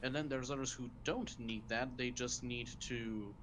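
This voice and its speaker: A man joining a casual panel discussion as a guest over voice chat, speaking slowly and deliberately as he thinks aloud. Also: medium pitch, a bit bright, slight background noise, poor audio. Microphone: remote mic over voice chat.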